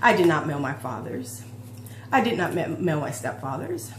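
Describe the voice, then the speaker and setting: A woman's voice: sits low, sing-song, moderate pace. A woman in her forties talking heartfelt and emotional in a personal vlog, rambling with restarts. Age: 40s. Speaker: fitness vlogger. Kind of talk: personal confessional vlog talk. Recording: roomy echo with faint hum.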